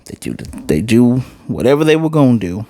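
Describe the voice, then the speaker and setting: A man giving a casual, animated recap as an anime reviewer, acting out quotes and using fillers. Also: mid-range voice, normal speed, gravelly, no room sound. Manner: animated, acts out quotes, uses "y'all" and fillers.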